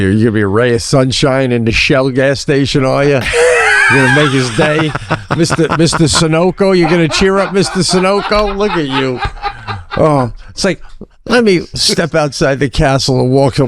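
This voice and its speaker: A man's voice: medium pitch, moderate pace, noisy background. A man co-hosting a comedy podcast, teasing and sarcastic in casual banter. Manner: sarcastic, teasing, curses often. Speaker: podcast co-host.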